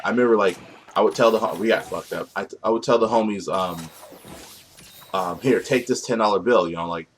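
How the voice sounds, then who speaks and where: Young male gamer, lowish voice, loose profane street slang, rambling commentary with a steady hum behind. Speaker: gameplay commentator. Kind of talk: casual gameplay chat.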